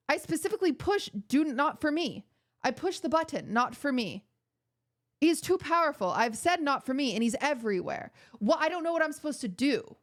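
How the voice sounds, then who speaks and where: Joking young woman streamer, high voice. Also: animated, normal speed, a bit bright. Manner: joking, rambling, mock-outraged. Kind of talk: casual chat with chat viewers.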